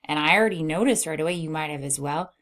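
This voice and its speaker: A middle-aged woman teaching a phonics lesson to young readers. She sounds out sentences slowly, word by word, and hums while she scans the page for letters. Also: low-pitched, a bit bright. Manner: slow, exaggerated word-by-word reading aloud. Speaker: reading teacher.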